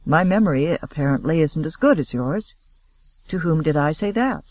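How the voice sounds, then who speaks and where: A man's voice: on the high side, big pitch swings, normal speed, muffled recording. A man doing a sardonic brooding gambler. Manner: sarcastic, curt. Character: sardonic young male gambler, brooding and mocking. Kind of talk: audiobook character voice.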